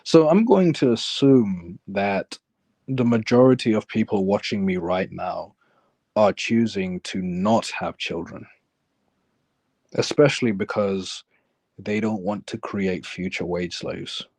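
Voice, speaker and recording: Man from London, live stream host, low voice, dry close mic, calm casual chat reading comments. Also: takes it slowly, husky, dry recording. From London, England. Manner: calm, low-key, reads chat aloud.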